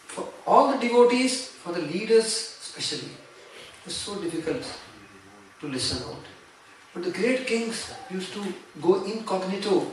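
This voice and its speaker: A man's voice: high voice, a little hiss or hum. A man giving an earnest devotional seminar talk, advising and telling stories. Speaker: seminar speaker. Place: temple seminar hall. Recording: very echoey hall, mic far off.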